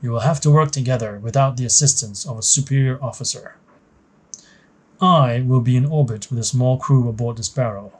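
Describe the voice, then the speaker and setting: Brief: commanding female captain, firm clipped orders, game story, voiced by a man with a mellow voice. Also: mid-range voice, a little fast, lightly acted. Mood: stern. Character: stern woman military captain, commanding.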